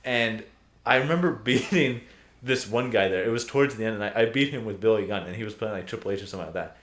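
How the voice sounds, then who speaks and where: A young man co-hosts a casual podcast, his voice sitting on the low side. He rambles through his stories with lots of fillers. The sound has a roomy echo. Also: quick pace, a bit bright. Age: young adult. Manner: rambling, filler-heavy storytelling with bursts of laughter. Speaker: podcast co-host. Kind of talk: casual chat.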